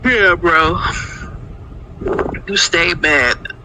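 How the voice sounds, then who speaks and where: A man taunts and insults in loose, casual slang, his voice pitched high for a man. His tone is piercingly bright and sharp. Faint background noise hums underneath. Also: very slow, gravelly, poor audio. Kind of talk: confrontational rant.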